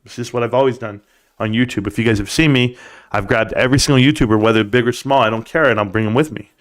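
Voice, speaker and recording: A man hosting a live stream, giving a preachy, animated pep talk and reading chat comments aloud. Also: mid-range voice, fast. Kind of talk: casual live stream monologue.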